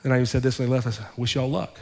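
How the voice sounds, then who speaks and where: A male pastor telling a story in a sermon, acting out both sides of the conversations with lively shifts in his voice. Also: mid-range voice, racing, vocal fry. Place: church sanctuary. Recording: long hall reverb.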